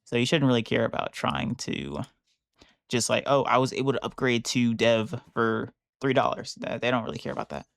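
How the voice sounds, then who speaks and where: A man with a gravelly, mid-pitched voice talks casually over his own work, thinking aloud and often restarting his sentences. He sits close to the mic in a dry small room. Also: steady tone, normal speed, a bit bright, no room sound. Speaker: bug bounty hunter streaming a live session. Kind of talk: casual live-stream commentary while working. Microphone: close mic on a headset or desk.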